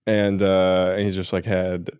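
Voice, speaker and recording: A man's voice: sits low, monotone, a little slow, a little mellow, smooth, dry recording, clean studio sound. A young man from Canada, a comedian guest, joking in a laid-back interview chat.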